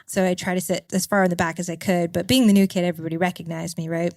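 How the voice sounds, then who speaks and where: Lower-voiced woman, dry close sound. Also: no room sound. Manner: lively, amused storyteller. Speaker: podcast guest. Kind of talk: humorous anecdote.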